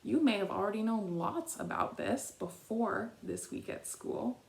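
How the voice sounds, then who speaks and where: A woman leading a school assembly as a trainee principal, speaking slowly and clearly to children and reading a picture book aloud. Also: mid-range voice, reverberant. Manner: slow, clear teacher talk with call-and-response prompts. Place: elementary school.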